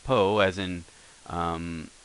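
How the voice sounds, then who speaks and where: Rambling, low-voiced male teacher. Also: fairly even intonation, very slow, smooth, poor audio. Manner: rambling, self-correcting explanations with many fillers. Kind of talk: casual recorded lesson.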